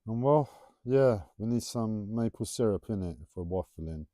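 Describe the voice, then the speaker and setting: A man talks on a solo livestream from home, drifting from one tangent to the next in a self-confessed waffle. His voice sits low and mellow, and he stumbles over his T's. The sound is dry and close, with no room echo. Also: lively intonation, moderate pace. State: struggling to pronounce his T's. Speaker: livestream host. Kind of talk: rambling solo livestream talk.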